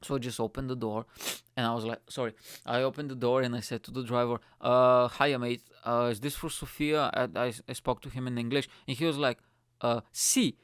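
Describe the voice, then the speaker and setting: Smooth-voiced young man spinning a sweary yarn. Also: medium pitch, fast talker, no echo, clean studio sound. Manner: profane, rambling, animated retelling with lots of 'mate'. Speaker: show host. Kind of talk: comedic storytelling monologue.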